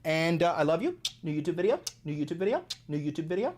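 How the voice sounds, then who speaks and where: A man's voice: on the high side, sing-song, quick pace, a little mellow. A young man hosting a political livestream, ranting angrily with profanity and lots of repetition. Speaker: livestream host.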